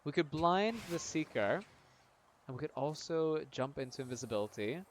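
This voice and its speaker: A man's voice: a little high, animated, moderate pace, slight background noise. Chatty man narrating a game stream. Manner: chatty, self-mocking, laughs often.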